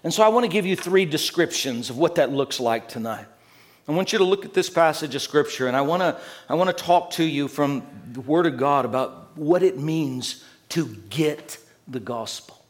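An earnest man delivers a sermon in a voice a touch higher than most men's. He restates words as he builds toward each point. He lets the ends of phrases fall low and quiet. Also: animated, normal speed. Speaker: preacher.

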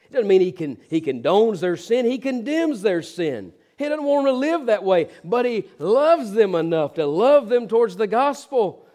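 Middle-aged male pastor with a high voice; storytelling sermon, does the characters' voices, swings from loud to hushed. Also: very animated, moderate pace, hardly any pauses.

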